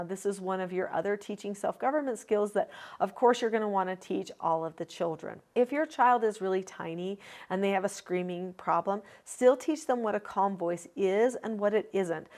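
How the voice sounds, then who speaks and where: Woman, parenting coach, advice video, calm, instructive, direct address. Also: medium pitch, normal speed, few pauses.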